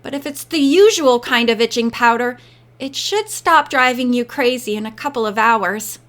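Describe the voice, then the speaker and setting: A woman voicing a calm, helpful young woman detective with a steady, sympathetic manner. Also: fairly high pitch, moderate pace, natural voice.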